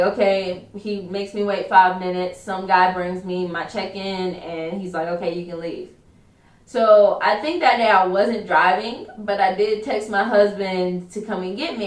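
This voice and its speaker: A chatty young woman recounts a story in casual story-time style, looping back over her points and acting out other people's lines. Her voice sits at a middle pitch and is picked up from a step back, with a roomy echo around it. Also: fairly even intonation, unhurried. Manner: chatty, repetitive, quotes others. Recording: roomy echo, distant from mic.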